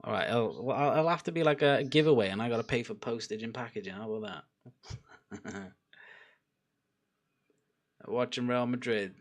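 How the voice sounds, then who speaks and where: A young man chatting casually during a live football watchalong, laughing and bursting out loudly at chances. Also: medium pitch, normal speed, pauses often. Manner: excitable, laughing, loud outbursts at chances. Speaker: football fan streamer.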